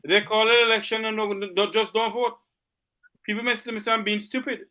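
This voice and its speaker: Jamaican talk show host, high bright voice, fired up and close to tears. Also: male voice, level tone, a little fast. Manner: impassioned, rhetorical questions. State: near tears. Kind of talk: emotional talk show monologue.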